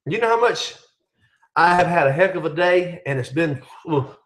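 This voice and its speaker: This middle-aged host runs a relaxed live chat, chattily reading out questions from viewers before responding. He speaks at a moderate pace in a slightly high voice.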